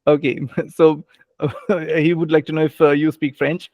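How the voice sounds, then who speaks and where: Male host, polite and encouraging, gravelly tone, dry mic. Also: on the high side, level tone, unhurried, darkish tone, no room sound. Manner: encouraging, polite, with many fillers. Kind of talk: hosting an online class. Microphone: video call.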